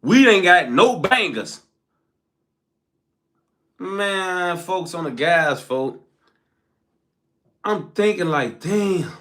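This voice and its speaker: Young male storyteller, high bright voice, casual slang-heavy delivery. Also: very slow, long pauses. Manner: animated slang-heavy recounting, frequent "folks" tags. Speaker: storyteller host.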